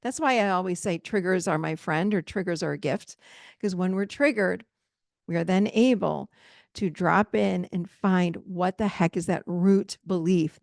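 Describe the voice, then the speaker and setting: A woman's voice: medium pitch, a little mellow, no echo, studio quality. A woman hosting a podcast, giving relationship advice in a direct, emphatic, conversational way. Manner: emphatic, direct, conversational, addresses listeners as "you guys". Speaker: podcast host and relationship coach. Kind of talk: solo podcast advice talk.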